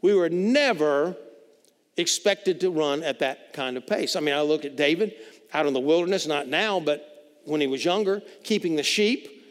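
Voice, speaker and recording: A man preaches a sermon with a high voice, talking to the congregation conversationally and doubling back on his words as he builds each point. The recording carries a long reverb from a large hall. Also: moderate pace. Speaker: pastor.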